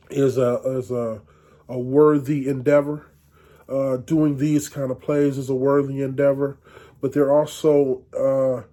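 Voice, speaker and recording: A middle-aged man giving a university lecture in a conversational, halting way, with frequent restarts and fillers. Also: mid-range voice, mellow.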